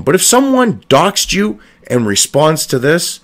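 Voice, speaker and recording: A man's voice: fairly high pitch, huge pitch swings, a little slow, hardly any pauses, a bit bright. A man delivering angry, profane commentary, hurling heated insults. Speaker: online news commentator.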